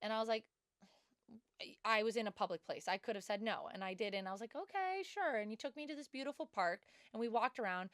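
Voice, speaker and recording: A woman's voice: medium pitch, quick pace, a bit bright, no room sound, studio quality. A young woman co-hosting a podcast, telling a story animatedly and acting out the dialogue. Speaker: podcast co-host. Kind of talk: casual chat.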